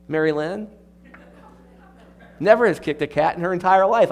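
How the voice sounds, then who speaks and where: A man's voice: sits high, normal speed, pauses often. Earnest preacher, man with a lightish voice. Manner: earnest, swings from hushed to emphatic; playful asides to the congregation. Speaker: pastor. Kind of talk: expository sermon.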